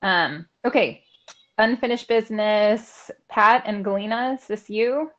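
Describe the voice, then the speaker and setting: A woman's voice: mid-range voice, unhurried, a bit bright, a little hiss or hum. A woman runs a board meeting, calling votes and giving reminders in a loose, filler-heavy way. Her voice comes through a dull, muffled recording. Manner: informal, with many fillers. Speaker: board chair. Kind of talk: chairing a public meeting.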